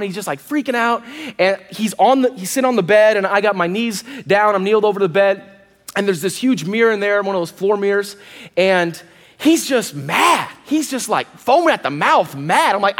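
Pastor guy in his 30s, high voice, animated preaching, big echoey church hall. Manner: animated storytelling, quick asides to the audience. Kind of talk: sermon with a personal story. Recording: long hall reverb.

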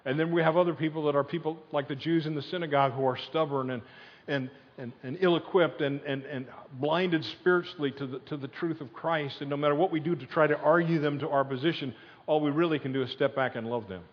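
A man preaches a sermon in a conversational, animated storytelling style. His voice sits a little high. The sound is muffled and rings with a long reverb, as if recorded in a large church hall. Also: quick pace. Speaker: pastor.

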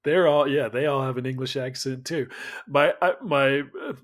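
A man's voice: mid-range voice, moderate pace. An American man co-hosting a podcast, bantering loosely and swearing now and then. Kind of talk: casual podcast chat.

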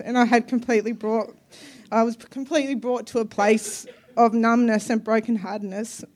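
A fairly high-voiced woman in her thirties gives a personal testimony sermon. She sounds earnest and emotional, with soft hesitations between phrases. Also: fairly even intonation, brisk, some chatter behind. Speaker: guest preacher.

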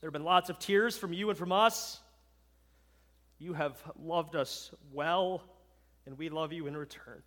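Emphatic pastor in a reverberant hall. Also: male voice, on the high side, a little slow, pauses often. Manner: emphatic, swinging from loud to hushed; checks in with "right?" and "okay?". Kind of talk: farewell sermon. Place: church sanctuary. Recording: long reverb of a large hall.

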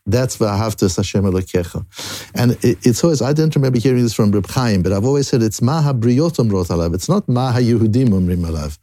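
A man's voice: lowish voice, fast, dry recording. A man teaching a Daf Yomi Talmud lesson, with restarts and rising emphasis on key points. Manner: animated rising emphasis, frequent restarts, Hebrew and Yiddish terms.

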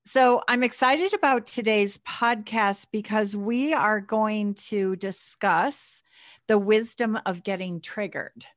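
A woman's voice: mid-range voice, slow pace, no room sound, studio quality. A woman hosting a podcast interview, upbeat and chatty, laughing often. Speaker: podcast host.

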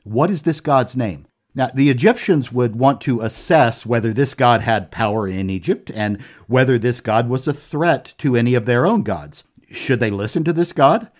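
Man, podcast co-host, scripted Bible study, measured storytelling, mid pitch.

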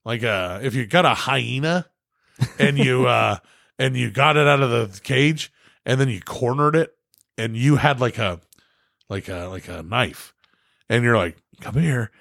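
A man's voice: mid-range voice, a little slow, creaky, no echo, clean studio sound. A man hosting a casual chat, telling stories with lots of swearing and laughter. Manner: animated storyteller, swears a lot, laughs often. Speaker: podcast host.

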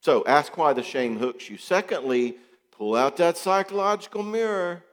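A man, a counselor, giving a talk to an audience, animated and acting out bits of dialogue. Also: a little high, moderate pace, in a large hall. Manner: animated, acts out quoted dialogue.

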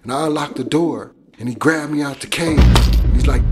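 A man's voice: fairly high pitch, brisk, noisy background. A man recounting a traumatic childhood memory in casual, profane storytelling. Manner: profane, conversational, vivid. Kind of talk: personal storytelling.

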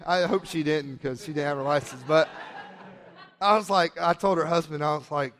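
A man preaching a sermon and telling a personal testimony, passionate, moving between hushed moments and excited shouts. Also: on the high side, normal speed.

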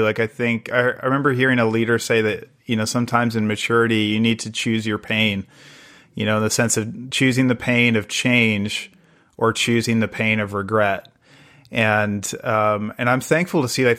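A man's voice: mid-range voice, a bit bright. A man talking as a podcast guest, earnest and rambling, with many fillers and restarts. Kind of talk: casual interview conversation.

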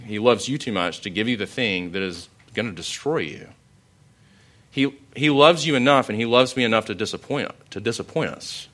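A young adult man preaching a sermon to a congregation in a conversational, storytelling way with animated emphasis. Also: mid-range voice. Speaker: pastor.

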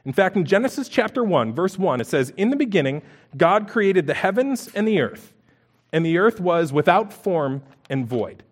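Animated male preacher, higher voice. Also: moderate pace. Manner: animated storytelling with playful asides; reads scripture passages aloud. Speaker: pastor. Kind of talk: sermon.

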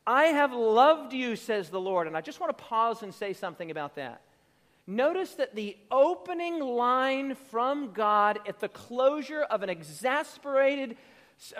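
A man preaching a sermon as pastor, building emphasis through repeated phrases and stretching out his quotations slowly. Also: very high-pitched, a bit bright. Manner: preaching with rising emphatic repetition; slow drawn-out quotations. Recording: reverberant hall.

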